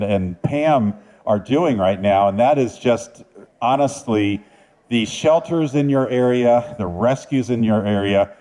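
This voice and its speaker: A man's voice: medium pitch, warm tone, poor audio. A man speaking earnestly to an audience about animal shelters. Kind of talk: talk to an audience.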